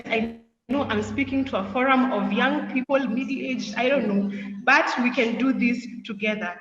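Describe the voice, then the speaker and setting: Over music, a teenage student speaker from Kenya asks her audience question after question in a passionate, earnest speech. Her voice is on the high side at normal speed, and the recording is distant, muffled, and echoey, as in a hall, with faint noise.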